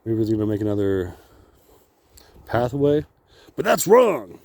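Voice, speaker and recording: A man's voice: fairly low pitch, very animated, measured pace, vocal fry, a little mellow. A man talking in a rambling, profane monologue while walking outdoors on a wooded path, filming himself with a handheld camera. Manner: rambling, profane, laughs often. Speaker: vlogger.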